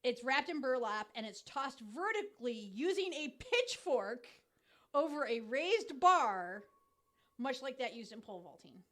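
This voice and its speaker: Halting, explaining woman podcast host. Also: high voice, sing-song, fairly bright tone. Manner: explains at length, halting with many fillers. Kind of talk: casual chat.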